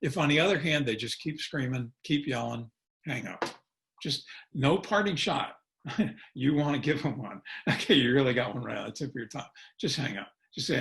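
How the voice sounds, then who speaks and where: Gravelly-voiced folksy man giving a presentation. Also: mid-range voice, animated, normal speed, a bit bright. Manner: folksy, chuckling, peppers talk with "okay?"; acts out sample phone dialogue. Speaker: consultant and educator presenting. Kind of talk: webinar presentation.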